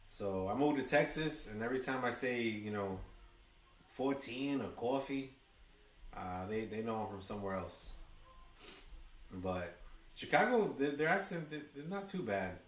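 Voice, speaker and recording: A man with a New York accent giving chatty, excitable fan commentary to his livestream chat. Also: medium pitch, measured pace, pauses often, reverberant, distant mic. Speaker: livestream host. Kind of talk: fan watch-along commentary.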